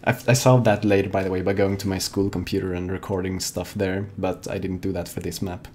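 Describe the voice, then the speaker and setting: A young man co-hosting a live online show, talking in a loose, rambling way, with frequent "like"s and self-corrections. His voice sits on the low side. A faint hiss runs under the home microphone. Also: level tone, a little fast, a little mellow. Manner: rambling, full of "like" and restarts. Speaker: co-host of a fan-made live gaming show. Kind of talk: casual live-show chat.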